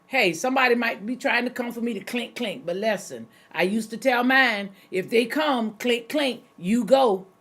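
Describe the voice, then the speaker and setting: A woman's voice: a little high, husky. A middle-aged woman pastor giving a conversational sermon, folksy and direct, speaking straight to her listeners and repeating key phrases.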